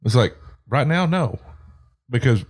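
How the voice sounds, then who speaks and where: A man's voice: mid-range voice, sing-song, measured pace, breathy edge. A middle-aged man in casual podcast chat, speaking earnestly and reflectively.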